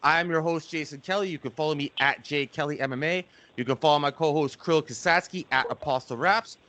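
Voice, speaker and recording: A man's voice: on the high side, a little fast, background noise. A man hosting a podcast in casual chat, laid-back, swearing and laughing often. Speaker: podcast host.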